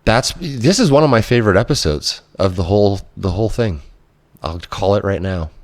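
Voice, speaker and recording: A man hosting a podcast interview, talking slowly and reflectively, gently affirming his guest. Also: lowish voice, expressive, dry recording, clean studio sound. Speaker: podcast host. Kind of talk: conversational interview.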